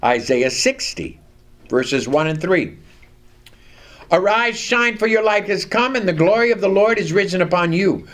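Male preacher, high and lively voice, slow deliberate sermon delivery with scripture reading. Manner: reads scripture aloud and has the congregation repeat lines; slow, deliberate emphasis on key words.

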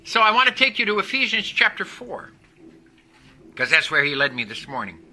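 High, bright-voiced man preaching a sermon. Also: sing-song, normal speed, rough recording. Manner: emphatic, calls for responses from the congregation.

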